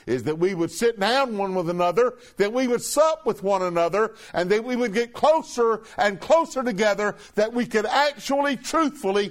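A man preaching a sermon to a congregation, calling them brethren and drawing out quoted scripture slowly. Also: high voice.

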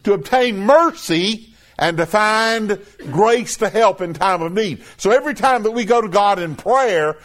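A man preaching a sermon, earnest and emphatic, who repeats phrases for stress. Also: high-pitched.

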